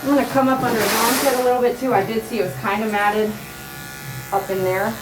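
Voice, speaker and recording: A woman's voice: on the high side, level tone, fast. A woman dog groomer who coaxes and scolds a dog while she trims it, then explains her steps. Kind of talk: grooming tutorial, talking to the dog. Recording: roomy sound, mic at a distance, clipper noise. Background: electric clippers buzzing.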